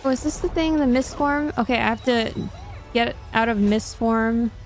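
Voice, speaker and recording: A young woman chats while gaming, rambling and thinking out loud as she plays. Her voice sits a touch higher than most, easygoing and loose, with trailing thoughts. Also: normal speed, faint music behind. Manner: rambling, chatty, talking to herself. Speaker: game streamer. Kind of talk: casual chat while gaming.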